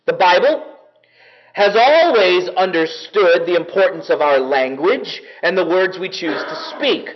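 Preaching to his flock, this pastor comes across as earnest and conversationally enthusiastic. He has a high, animated voice and a slightly slow delivery, heard through a dull lo-fi recording.

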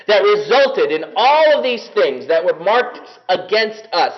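A man's voice: high voice, very animated, a little slow, few pauses. A man preaching a sermon as pastor, earnest and enthusiastic in a conversational way. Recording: dull lo-fi recording.

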